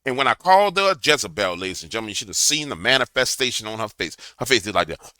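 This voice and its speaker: A man's voice: lowish voice, big pitch swings, fast talker, sharp tone, no echo. A man giving a preachy political commentary to a camera, telling a fiery story. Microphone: camera mic.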